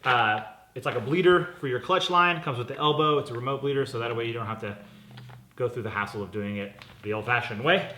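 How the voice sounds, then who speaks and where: A chatty man hosts a casual unboxing vlog. His voice is bright and forward, and he talks in an upbeat way, correcting himself as he goes. The room around him is echoey, with a faint hiss behind him. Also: medium pitch, fairly quick. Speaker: car channel host.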